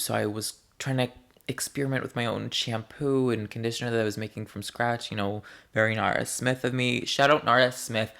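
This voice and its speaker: In a fairly low voice with vocal fry and a bit of brightness, a young vlogger addresses the camera directly, rambling in a candid, playful way and drawing his words out in a casual, chatty monologue.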